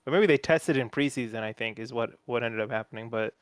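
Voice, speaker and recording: A young man hosting a casual sports podcast, telling stories in an animated, profane way. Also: mid-range voice, fast, smooth, no room sound. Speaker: podcast host.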